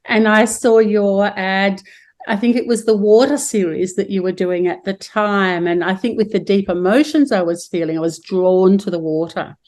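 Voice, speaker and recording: A woman's voice: mid-range voice, normal speed, darkish tone. An Australian woman hosting a spiritual podcast over a video call, speaking in soothing, gushing affirmations. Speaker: podcast host.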